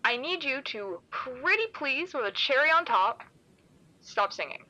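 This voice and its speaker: A woman's voice: medium pitch, animated, moderate pace, pushed and bright, rough recording. A woman voicing a mocking, theatrical shadowy figure with a playful, sing-song delivery. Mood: teasing.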